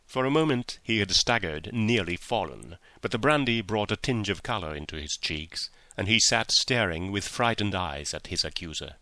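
A man narrating an audiobook in a measured, even storytelling manner, recorded on a close mic. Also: fairly low pitch, no echo. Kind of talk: scripted narration.

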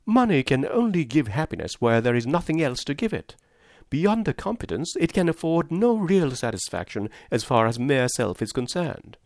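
A man reading an eager, romantic young woman in a period novel, voice raised and lively. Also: moderate pace, no room sound, studio quality. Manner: eager, animated, raised pitch.

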